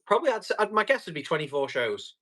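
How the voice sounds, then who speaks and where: Guy hosting a live tool auction stream, bit high voice, chatting to viewers, quiet music in the back. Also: sing-song, quick pace. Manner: chatty, reads out and answers viewer comments; describes items while testing them. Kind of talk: casual live auction chat.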